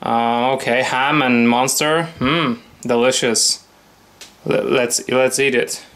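A man's voice: mid-range voice, steady tone, slow, fairly bright tone, roomy sound, a little hiss or hum. A man acting out a comedy sketch, talking to himself in a theatrical, exclaiming way with swearing.

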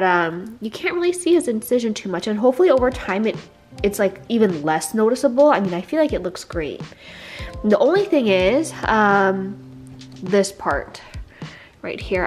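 A young woman vlogging at home, coaxing her dog in baby talk and chatting to viewers. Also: medium pitch. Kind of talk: casual vlog, talking to her dog.

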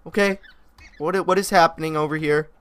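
A young man giving excitable let's-play commentary on a modded game, talking to the animals on screen. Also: on the high side, fairly quick. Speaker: gaming youtuber.

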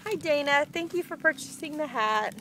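A young woman, gushing and excitable as she chats casually through an unboxing vlog. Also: high voice, normal speed, noisy background. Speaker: vlogger.

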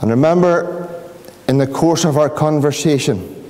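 Middle-aged Northern Irish preacher, raised voice, pleading and impassioned, long hall echo. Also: male voice, slight background noise. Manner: pleading, rising to impassioned pitch and slowing to hushed questions. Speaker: pastor. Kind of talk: evangelistic sermon. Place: church hall.

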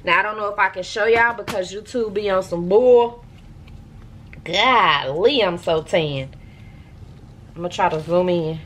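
A woman, chatting to her viewers in a lively way. She records from home at a middle pitch. Faint household ambience sits behind her. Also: unhurried, long pauses, a little hiss or hum. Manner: animated, talks straight to viewers. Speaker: vlogger. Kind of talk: casual chat to camera. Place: at home, indoors.

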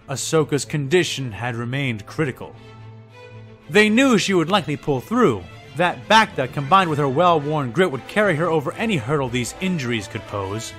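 A man narrating a fan audio drama in a measured storytelling manner. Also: fairly high pitch, fairly bright tone. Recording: faint background music. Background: faint music.

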